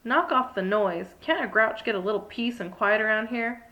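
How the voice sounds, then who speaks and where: A woman voicing a gruff, cranky male grouch who complains slowly. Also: on the high side, lo-fi sound, close to an everyday voice. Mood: grumpy. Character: grumpy trash-can grouch, male, cranky.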